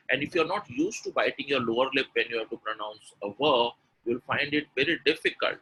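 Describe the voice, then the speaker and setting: In a rough recording with a little hiss or hum, a man with a mid-range voice and moderate pace leads a live pronunciation webinar. He's an energetic spoken English trainer with an Indian English accent who repeats words, drills sounds out loud, and urges listeners to reply in the chat.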